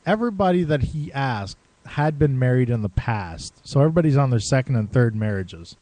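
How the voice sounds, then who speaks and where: A man's voice: mid-range voice, lively intonation, brisk, mellow, no room sound. A man co-hosting a podcast, telling a long casual story with swearing and quoted lines. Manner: rambling, swears and laughs, acts out quotes. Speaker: podcast co-host.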